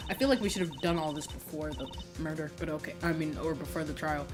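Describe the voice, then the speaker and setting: A woman's voice: deep voice, fast talker, few pauses. A young woman streaming a game, chatting casually, giggling and swearing now and then. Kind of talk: casual gameplay commentary. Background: game music.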